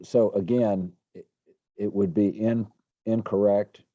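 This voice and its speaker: A man's voice: fairly low pitch, steady tone, slow pace, warm tone, no echo. A man who is a student in a Latin class, asking careful questions to check his understanding. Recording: dull lo-fi.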